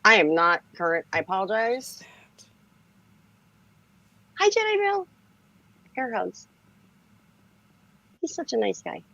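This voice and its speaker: A woman's voice: fairly high pitch, very animated, takes it slowly, creaky, pauses often, sharp tone, muffled recording. A woman with a lisp, co-hosting a casual late-night livestream chat, giggling and scattered as she talks. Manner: giggly, scattered, laughing often. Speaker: livestream co-host.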